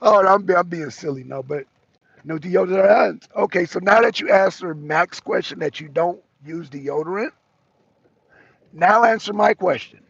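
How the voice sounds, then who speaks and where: A man's voice: high voice, normal speed, vocal fry, a bit bright, breathy edge, no echo. A man hosting a talk show in a casual live debate, mocking his guest and repeating himself for emphasis, heard over dull lo-fi stream audio.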